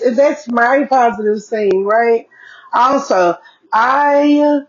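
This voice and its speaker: Chatty woman podcaster, dull lo-fi sound. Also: mid-range voice. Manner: relaxed and talkative, addresses listeners as y'all, stretches key words. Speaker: podcast host. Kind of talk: casual chatty blog podcast. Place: small bedroom at a desk.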